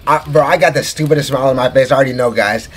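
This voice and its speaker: A man in his twenties giving excitable let's play commentary, shrieking in delight and saying bro constantly. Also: mid-range voice, very fast, slight background noise. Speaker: gaming YouTuber.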